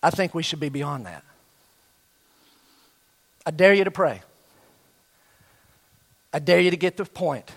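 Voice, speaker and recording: A middle-aged man with a fairly high voice delivers a sermon. He tells a story with energy and switches into the voices of students and their coach as he goes. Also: animated, unhurried, gravelly, pauses often. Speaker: pastor.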